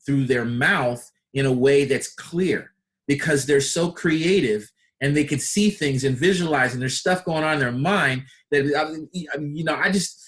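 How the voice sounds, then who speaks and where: A man's voice: a little high, normal speed. A man giving a personal development training talk in a loose, conversational way, often acting out short example voices with lots of fillers. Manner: many fillers and restarts, animated.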